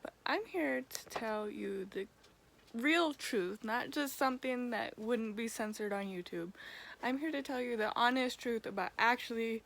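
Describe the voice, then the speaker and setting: A woman's voice: on the high side, gravelly, a bit bright. A young woman talking to her camera in a candid personal vlog, frank, blunt and casual, with mild swearing. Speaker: vlogger.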